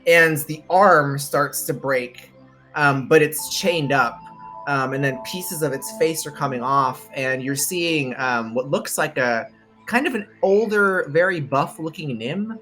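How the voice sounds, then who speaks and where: A man's voice: a little high, measured pace, sharp tone, soft background music. A man running a tabletop game, narrating casually with lots of ums. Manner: casual, filler-heavy narration. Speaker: game master.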